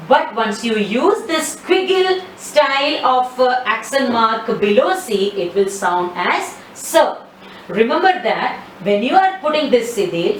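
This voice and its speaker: A woman teaching a slide-based French lesson, speaking slowly and patiently and repeating each word for practice. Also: high voice. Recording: echoey room, mic at a distance, faint ambient noise.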